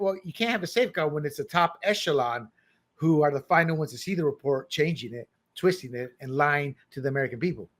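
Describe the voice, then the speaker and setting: A man co-hosting a political talk show, animated and joking, often restarting his words. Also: on the high side. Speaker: podcast co-host. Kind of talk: political commentary chat.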